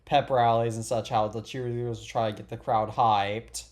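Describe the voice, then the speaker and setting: A man's voice: mid-range voice, fairly even intonation, moderate pace. Teen guy on a podcast, rambly, restarts a lot, sarcastic. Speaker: podcast host. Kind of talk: casual podcast chat.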